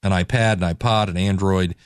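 Chill guy hosting a faith podcast, lowish voice, dry close sound, talks loose and slangy. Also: fairly even intonation, brisk, no echo. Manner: laid-back and conversational, with slangy asides. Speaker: podcast host. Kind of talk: casual devotional talk.

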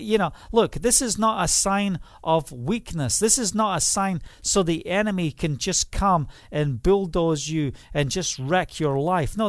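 A man's voice: high-pitched, dry recording. Earnest man preaching in a dry room. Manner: earnest, pleading, many "you know" asides. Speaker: pastor. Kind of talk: livestream sermon.

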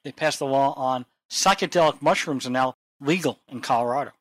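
A man's voice: medium pitch, brisk, fairly bright tone, no room sound, poor audio. A man co-hosting a podcast, bantering in a jokey, playful way. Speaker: podcast co-host. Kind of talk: casual banter.

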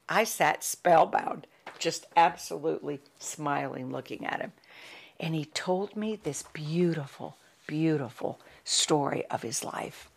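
Low-voiced middle-aged woman, motivational speaker; emphatic, heartfelt storytelling. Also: unhurried, vocal fry, slightly rough. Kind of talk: inspirational storytelling talk.

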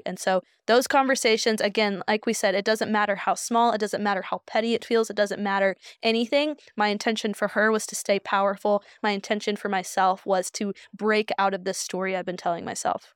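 A soft-spoken woman co-hosting a podcast, talking in a calm, reflective way. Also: medium pitch, brisk, few pauses, clear, resonant tone, no echo, clean studio sound. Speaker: podcast co-host. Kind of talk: casual chat.

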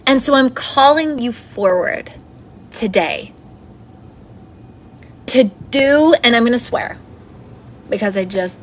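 A woman's voice: on the high side, expressive, slow pace, long pauses, a little hiss or hum. A woman hosting her own podcast, talking in a chatty, encouraging and upbeat way. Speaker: podcast host. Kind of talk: solo motivational podcast talk.

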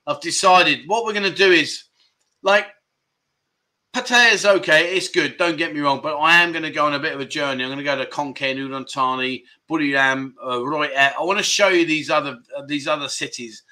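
A man's voice: on the high side, fairly quick, sharp tone. A man hosting a casual livestream, cheerfully greeting viewers one by one and chuckling often. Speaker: livestream host. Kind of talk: casual livestream chat reading comments.

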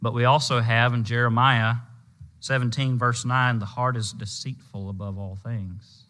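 Man preaching, bright clear tone, emphatic drawn-out stresses, slows to hammer a point. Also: medium pitch, steady tone. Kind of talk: sermon.

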